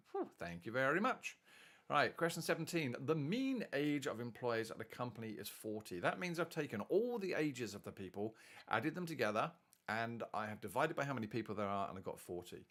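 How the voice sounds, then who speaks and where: A man's voice: on the low side, creaky, fairly bright tone. A man teaching maths, chatting and thinking aloud as he works through exam problems. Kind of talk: worked-solution maths tutorial.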